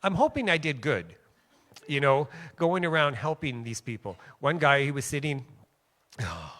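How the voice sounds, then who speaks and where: A man's voice: a little high, moderate pace. A man from Western Canada preaching in a church, telling personal stories in a conversational way and checking in with "okay?". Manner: conversational, animated when quoting others, frequent "okay?". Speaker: guest preacher. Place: church sanctuary.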